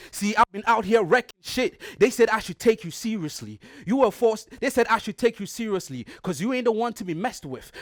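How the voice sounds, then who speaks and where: A man's voice: sits high, no room sound, clean studio sound. A young man from Ghana performing a battle rap, aggressive and taunting, repeating punchlines with rising force. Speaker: battle rapper.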